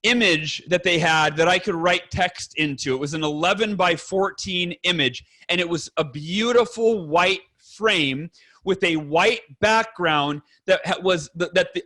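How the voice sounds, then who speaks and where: A man's voice: high voice, pushed and bright, low-quality recording. A man speaking as a guest on a podcast, earnest and emphatic, talking bluntly with fellow fathers and swearing now and then. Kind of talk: candid podcast conversation.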